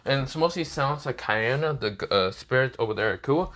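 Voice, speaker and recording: A man's voice: mid-range voice, lively intonation, a little fast, fairly bright tone. Rambling male storyteller. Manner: rambling, full of fillers. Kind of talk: casual retelling of a fan story.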